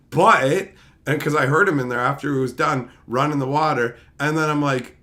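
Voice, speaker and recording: A channel host with a slightly higher male voice spins a casual, rambling story peppered with swearing, at a normal speed. Though he sounds short on sleep, he stays animated and keeps breaking into laughing asides.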